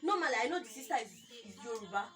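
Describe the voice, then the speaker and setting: A woman's voice: fairly high pitch, racing. A young Nigerian woman with a Nigerian accent, chatting casually as co-host and telling stories animatedly, taking on other people's voices. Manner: animated storyteller acting out quoted people. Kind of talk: casual chat. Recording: far from the mic, with music behind.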